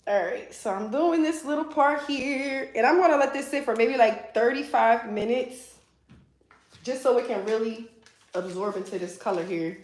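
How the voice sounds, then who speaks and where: An East Coast hairstylist livestreams a color removal from her salon suite, teasing viewers, joking with the chat and swearing freely. Her voice sits a little high and moves a little slowly, with long pauses and a reverberant sound.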